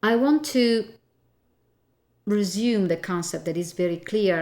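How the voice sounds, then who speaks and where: A woman's voice: fairly low pitch, a little mellow. A woman voice coach giving a spoken lesson in an emphatic way, often checking in with "okay?" and repeating her key points.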